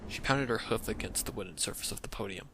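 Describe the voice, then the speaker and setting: A man reading dark fan fiction aloud, narrating in a low, measured way that often drops into whispers. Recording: noisy home recording.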